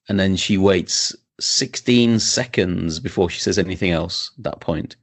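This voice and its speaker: A man's voice: deep voice, a little slow, hardly any pauses. A man hosting a podcast interview, eager and agreeable, often restarting his sentences. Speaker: podcast host. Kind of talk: casual interview chat.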